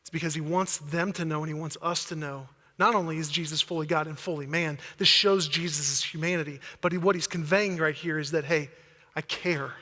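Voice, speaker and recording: Bright, high-voiced preacher in a hall. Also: male voice, fairly even intonation, brisk, hardly any pauses. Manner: emphatic, rises to near-shouting when acting out pleas. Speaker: pastor. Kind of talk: sermon. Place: church stage. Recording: long reverb of a church hall.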